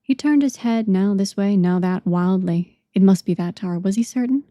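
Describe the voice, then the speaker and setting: A woman reading an audiobook as narrator, measured and dramatic. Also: mid-range voice, mellow, dry recording, clean studio sound.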